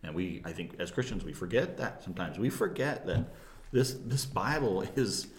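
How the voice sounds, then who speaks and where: Low, measured man with echo. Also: animated, a little hiss or hum. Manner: measured, gently instructive. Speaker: co-host of a Christian discussion. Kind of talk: casual chat about scripture. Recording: roomy echo.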